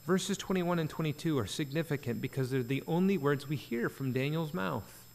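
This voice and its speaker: A man's voice: fairly high pitch, moderate pace, gravelly, a little mellow, slight background noise. A man preaching an earnest sermon at a church prayer meeting, rising to emphatic peaks. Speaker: pastor. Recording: church sanctuary with long reverb.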